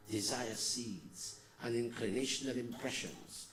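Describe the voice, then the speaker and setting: A man giving a devotional sermon as a spiritual teacher, swinging between loud exhortation and soft, slow murmurs. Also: fairly high pitch, expressive.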